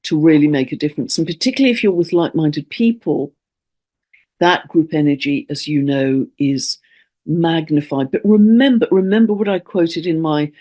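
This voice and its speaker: A woman's voice: low voice, dark tone. A woman astrologer talking in a casual spoken monologue, earnest and rambling, often restarting her sentences and at times stirred up with emotion.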